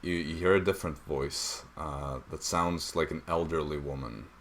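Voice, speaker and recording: A man's voice: a bass voice, fairly even intonation, moderate pace, fairly bright tone, slight background noise. A young man narrating as dungeon master of a tabletop game, hesitant with many fillers. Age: young adult.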